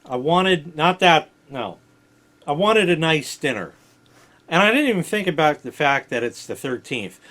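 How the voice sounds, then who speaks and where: Middle-aged New York man, blunt digressive storyteller, high animated voice. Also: a little slow. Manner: blunt, digressive, swears freely. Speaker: vlog host telling stories. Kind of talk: rambling casual storytelling.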